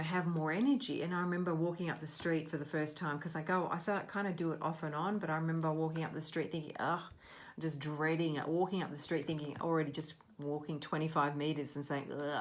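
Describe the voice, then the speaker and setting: Middle-aged lady coach talking self-worth, low voice, earnest and a bit rambly. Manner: earnest, rambling with frequent restarts. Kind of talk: casual self-help talk.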